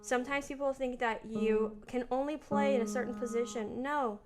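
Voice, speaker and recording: A woman piano teacher talking through her practice in a relaxed, chatty way, thinking aloud as she plays. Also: on the high side, moderate pace. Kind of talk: casual piano practice lesson. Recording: voice over loud piano playing. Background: piano playing.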